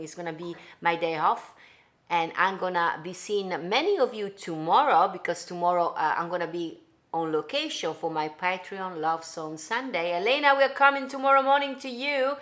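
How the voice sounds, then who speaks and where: A woman's voice: fairly low pitch, lively intonation, normal speed, fairly bright tone. An Italian woman with an Italian accent, hosting a live-streamed cooking show from her home kitchen, chatting and greeting viewers by name in loose English. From Italy. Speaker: host.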